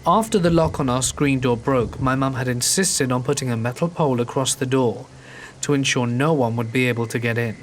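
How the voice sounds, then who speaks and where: A man reading a true horror story aloud in a calm, measured storytelling manner. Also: medium pitch, a little hiss or hum. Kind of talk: scripted narration. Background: faint rain.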